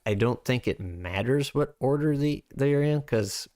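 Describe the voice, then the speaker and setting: A man's voice: mid-range voice, lively intonation, moderate pace, a little mellow, no room sound, clean studio sound. A man streaming as host, thinking aloud in a loose, rambling way while working through tabletop game rules. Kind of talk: casual livestream chat.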